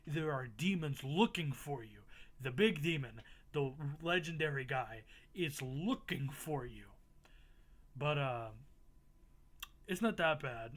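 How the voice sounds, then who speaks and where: A man's voice: on the high side, animated, takes it slowly, fairly bright tone. Casual swearing young man recapping a game. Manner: casual, swears freely, self-mocking, laughs at himself. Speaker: gaming YouTuber. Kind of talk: casual playthrough recap narration.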